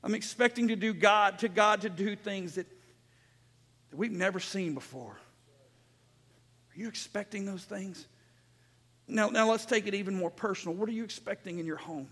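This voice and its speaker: A man pastor preaching an emphatic sermon, repeating phrases and rising to shouts, in a church sanctuary. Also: high voice, normal speed, long pauses. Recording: long church reverb.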